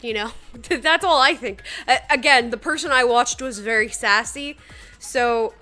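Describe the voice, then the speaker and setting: A woman with a Saskatchewan accent, chatting on a gaming stream in an unhurried, giggly way. Her voice sits a little high, and she reads chat aloud and swears freely. Faint game music runs underneath. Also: pushed and bright. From Saskatchewan, Canada.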